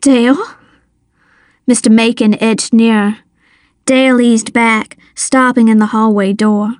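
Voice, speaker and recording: A woman narrating a story in the first person, measured and dramatic. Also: a little high, level tone, no echo, studio quality. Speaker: audiobook narrator.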